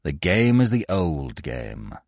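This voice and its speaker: A calm, gently mocking detective, as a male narrator plays him, drawls his words slowly and softly. His voice sits low in a dry, close sound. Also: no room sound, exaggerated voice. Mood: sly.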